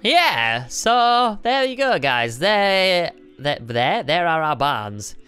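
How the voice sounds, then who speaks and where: A man hosting a casual building-game video, playful and excitable, joking about himself. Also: on the high side, slow pace, clear, resonant tone, faint music behind. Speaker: YouTube host. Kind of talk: casual let's-play chat.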